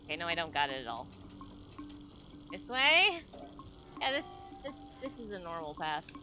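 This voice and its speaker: A woman's voice: deep voice, very animated, fast talker, bright, forceful tone. A woman streaming a game live, chatting playfully with viewers and meowing along as she plays. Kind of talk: live gameplay commentary. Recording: game music clearly behind voice. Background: game soundtrack music.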